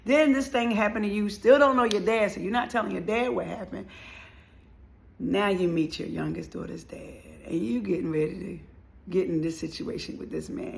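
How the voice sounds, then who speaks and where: A middle-aged woman, speaking as a motivational speaker in an emotional, animated personal storytelling monologue and acting out the voices of people in her story. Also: medium pitch, gravelly.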